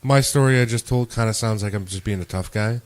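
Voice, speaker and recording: A man's voice: on the low side, brisk. A man hosting a podcast, chatting casually and telling stories full of swearing and acted-out quotes. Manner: profane, animated storytelling with acted quotes. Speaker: podcast host.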